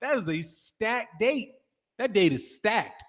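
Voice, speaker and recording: A man hosts a boxing livestream in a slangy, laughing chat voice that sits high. He reads out viewer comments and keeps throwing in "man" and "dog." The sound carries a long reverb. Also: animated, slow pace, fairly bright tone. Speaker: boxing channel host.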